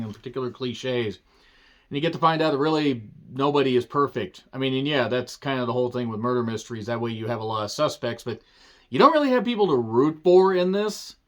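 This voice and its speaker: A man talks through a movie review in a loose, rambling way, drifting into tangents and throwaway jokes. His voice sits at an ordinary middle pitch, and he swears casually as he goes. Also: dull audio.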